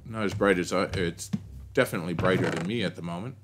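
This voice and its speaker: A man's voice: deep voice, fast, music in the background. A man streaming a game, rambling to himself and greeting chat as he plays. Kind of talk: casual gameplay commentary.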